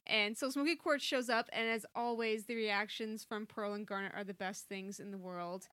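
A young woman co-hosting a podcast, gushing about a cartoon episode in casual chat. Her voice is bright and forceful, recorded dry and close. She laughs easily and talks with lively enthusiasm. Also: mid-range voice, moderate pace, no echo. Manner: enthusiastic, chatty, laughs often. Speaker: podcast co-host.

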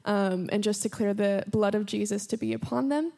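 A woman's voice: mid-range voice, moderate pace, creaky, dark tone. A woman giving words of knowledge and leading an earnest, emotional prayer with many fillers. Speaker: prayer minister. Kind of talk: spontaneous prophetic prayer.

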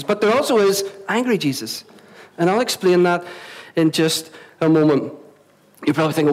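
A Northern Irish man with a high voice delivers a sermon to his congregation. He talks in a chatty way, repeating words and asking the room questions. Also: animated, a little fast, rough recording. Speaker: pastor. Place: church venue before a congregation.

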